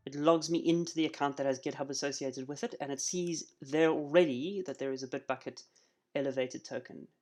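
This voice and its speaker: A man streaming a live coding session, chatting casually and thinking out loud as he works. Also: on the high side.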